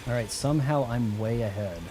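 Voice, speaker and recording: A man's voice: mid-range voice, brisk. A man streaming live gameplay, rambling and cracking jokes as he plays, with game music behind him. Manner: rambling, joking asides while playing.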